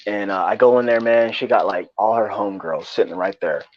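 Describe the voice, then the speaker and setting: A young man co-hosting a podcast casually rambles through a profane story in slangy speech. His voice is fairly low and fairly quick, and the audio is dull, lo-fi and dry.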